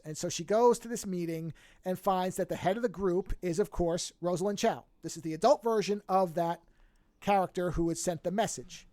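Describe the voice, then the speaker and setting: In a mid-range voice at a moderate pace, a podcast host recaps a TV series, recorded in studio quality without echo. The casual retelling is animated, acting out what characters say and frequently backtracking to correct mid-sentence.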